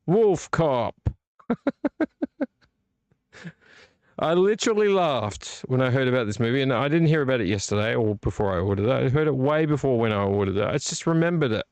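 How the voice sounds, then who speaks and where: A man hosting a live stream late at night, a little tipsy and rambling as he teases a viewer by name. His pitch sits in an ordinary middle range, and the sound is dry and close, with almost no room around it. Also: lively intonation, fast, few pauses, darkish tone, clear, resonant tone, no echo. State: tipsy from drinking. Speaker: vlog host.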